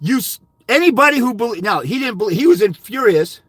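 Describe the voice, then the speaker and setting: A man's voice: sits high, very animated, fast, a bit bright, slightly rough, no room sound. An older man, a fathers' rights consultant, delivering a blunt, profane monologue that berates his viewers.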